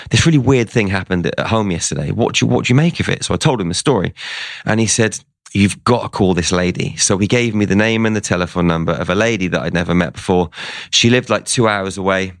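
Man, interview guest, low voice, dry close recording, casual storytelling. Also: quick pace, dry recording. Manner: tells a story by quoting people's words.

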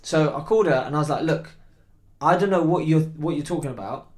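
A man, a podcast guest telling a dating story in casual chat, animated and laughing as he talks. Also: fairly high pitch, brisk.

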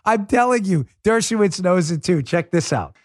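A middle-aged man with a fairly high voice delivers a pointed commentary monologue as a podcast host. He talks to the listener directly and hammers his points home through repetition. The sound is dry and close, with little room around it. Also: big pitch swings, normal speed, darkish tone, no room sound. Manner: emphatic, conversational, repeats for stress.

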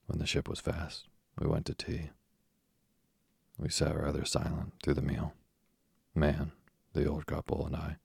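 Male storyteller, husky and gravelly, close and dry, steady measured narration. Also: extremely low pitch, dry recording. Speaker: audiobook narrator. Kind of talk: first-person literary narration.

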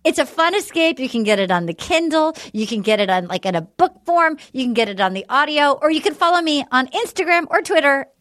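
A woman hosting a podcast, chatting excitedly and laughing often. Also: high-pitched, fairly quick, few pauses. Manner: giggly, excitable, plugs her book. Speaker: podcast host. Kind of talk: casual chat.

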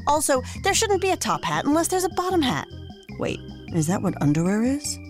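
A woman's voice: high-pitched, huge pitch swings, brisk, soft background music. Flo, a chirpy insurance saleswoman. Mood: bubbly. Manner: bubbly, goofy musing. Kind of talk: scripted radio ad.

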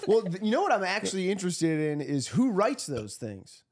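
A man's voice: high voice, very animated, a little fast. Rambling, laughing male podcast co-host. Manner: rambling, restarts a lot, laughs often. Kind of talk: casual comedic chat.

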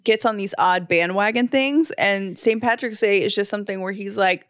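A woman co-hosting a casual podcast chat, wry and matter-of-fact, brushing things off with a dry edge. Her pitch is an everyday middle, and the sound is close and dry. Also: moderate pace, fairly bright tone, no room sound. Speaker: podcast co-host.

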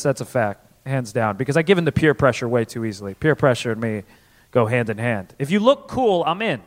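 Animated stand-up comic man. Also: medium pitch. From Connecticut. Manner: loose, self-mocking, animated delivery with voices. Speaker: stand-up comedian. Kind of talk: stand-up comedy set. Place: comedy club stage. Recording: live in a reverberant club.

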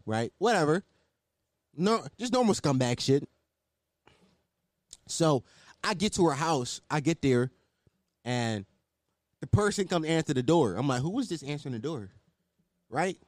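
Man, casual storyteller, profane, animated, swooping pitch, dry sound. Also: moderate pace, pauses often, dry recording.

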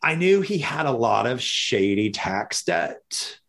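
A man from Missouri tells his story as an interview guest, his pitch leaping up and down. He slips into quoted voices to act out what other people said. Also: very animated, takes it slowly, fairly bright tone. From Missouri, USA. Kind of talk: conversational storytelling.

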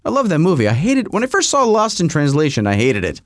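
A man hosting a podcast, telling a rambling story in a casual, animated way with frequent restarts. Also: on the high side, fast, no echo, clean studio sound. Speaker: podcast host. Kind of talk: casual monologue.

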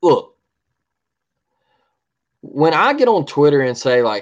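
A man's voice: fairly high pitch, sing-song, measured pace, long pauses, highs cut off. A man co-hosting a sports podcast, ranting in a heated, repetitive way and often asking "all right?". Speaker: podcast co-host.

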